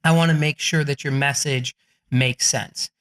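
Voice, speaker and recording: A man talking as a podcast guest, animated and energetic, swearing freely and laughing as he talks. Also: a little high, measured pace, clean tone. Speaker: podcast guest, book coach. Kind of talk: energetic, profane interview talk.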